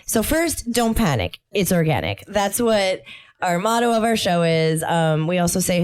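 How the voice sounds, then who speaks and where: A woman's voice: fairly low pitch, sing-song, unhurried, darkish tone, clean tone. A young adult woman co-hosting a podcast in casual chat, giggly and rambling, often laughing mid-sentence. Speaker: podcast co-host.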